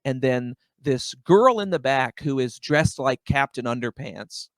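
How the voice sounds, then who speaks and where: A young adult man, a stand-up comedian, telling a story as a podcast guest in an animated, filler-heavy way, often saying "like" and "dude". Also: medium pitch, unhurried, no room sound. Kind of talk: casual storytelling chat.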